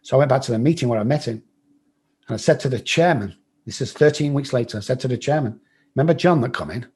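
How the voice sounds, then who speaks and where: English man, middle-aged, husky voice, blunt storyteller, swears a lot, podcast guest. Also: mid-range voice, fast, darkish tone. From England. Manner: blunt, swears freely, acts out other people's lines. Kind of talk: storytelling in an interview.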